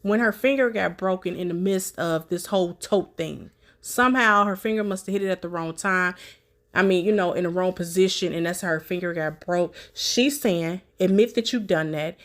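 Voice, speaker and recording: A woman hosting a commentary video, talking slowly and chattily to her viewers. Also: lowish voice, fairly bright tone. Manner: slow, drawn-out, chatty. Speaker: commentary channel host.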